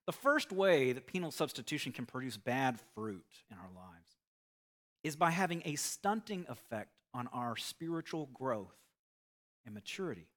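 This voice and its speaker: A man preaching a sermon, telling an illustrative story in an earnest, measured way. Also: medium pitch, very animated, fairly bright tone. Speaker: pastor.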